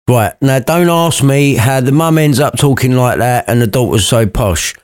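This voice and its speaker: A man's voice: medium pitch, normal speed, few pauses, dry recording. A man narrating a comic retelling, with crude, cheeky asides. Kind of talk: comic storytelling.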